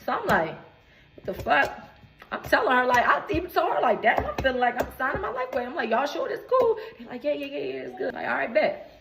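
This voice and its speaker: A woman's voice: high-pitched, big pitch swings, fast talker, vocal fry, roomy sound, background noise. A woman in her twenties, a recording artist, telling a storytime rant in an indignant, profane, emphatic way.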